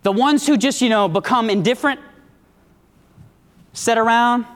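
High-voiced preacher in an echoing hall. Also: male voice, normal speed, a bit bright. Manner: call-and-response, emphatic, varied pace. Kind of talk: sermon. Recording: long echo of a large hall.

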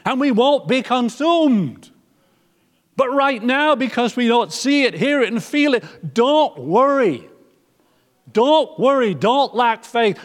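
A man preaching a sermon, moving from loud emphatic lines to soft, almost whispered ones. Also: very high-pitched, big-room sound.

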